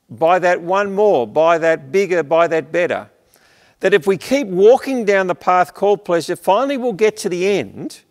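A man with an Australian accent preaching an earnest sermon, slowing on key words and letting his sentences fall away at the end. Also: high-pitched. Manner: earnest, emphatic preaching with slowed stresses and dropping endings. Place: church, streamed online. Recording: long hall reverb.

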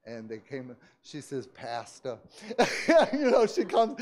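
A man, a pastor, telling a story in a sermon, dropping to hushed asides, shouting prayers and laughing often. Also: on the high side, huge pitch swings, a little slow. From United States. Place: church service.

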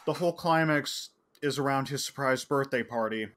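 Male co-host, mid-pitched, relaxed conversational delivery. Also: moderate pace. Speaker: podcast co-host. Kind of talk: casual podcast discussion.

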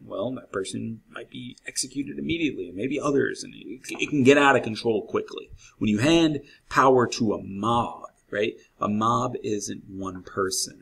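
A man's voice: low-pitched, creaky, fairly bright tone, breathy edge, poor audio. A man teaching a history lesson in a conversational way, repeating key phrases and asking his students questions. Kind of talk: classroom history lecture.

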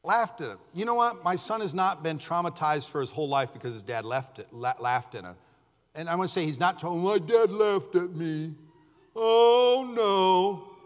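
A middle-aged man, a pastor, preaching a sermon in a church, telling stories with acted-out quotes and shouting at the high points. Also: fairly quick, in a large hall. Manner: animated storytelling, acts out quotes, shouts at peaks. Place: church sanctuary.

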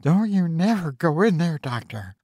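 A man's voice: a little high, big pitch swings, normal speed, a little mellow, no echo, clean studio sound, pitched above the performer's own voice. A man voicing a frightened old gardener who pleads in a folksy rural dialect. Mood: fearful.

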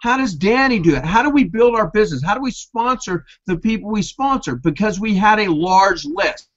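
A man's voice: sits high, expressive, normal speed, a bit bright. A man hosting an online business training, coaching in a motivational webinar style and firing off rhetorical questions. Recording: muffled lo-fi video call audio.

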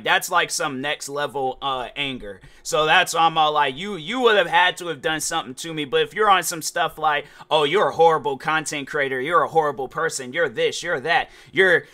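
Young male podcast host, loose rambling delivery, slightly high voice, very bright tone. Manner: rambling, animated storytelling with many fillers. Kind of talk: casual solo podcast talk.

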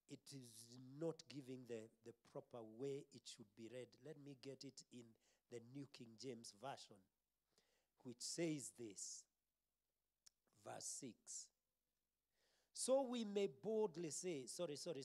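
A Kenyan-accented pastor delivers his sermon at an unhurried pace. His pitch rises and falls widely from line to line. He stresses key phrases through repetition and sometimes lowers his voice nearly to a whisper. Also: darkish tone. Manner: emphatic preaching with repeated phrases, drops to near whispers.

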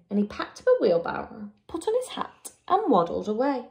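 A teacher reading a picture book aloud to young children, with an expressive, drawn-out delivery. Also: female voice, fairly high pitch, gravelly. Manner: expressive, drawn-out, lively character voices.

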